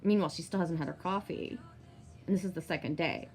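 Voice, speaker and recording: A woman's voice: lowish voice, fast, a little mellow, soft background music. A woman in her thirties telling a long personal story in a chatty vlog, swearing freely and using many fillers. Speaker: vlogger. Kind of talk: casual storytelling monologue.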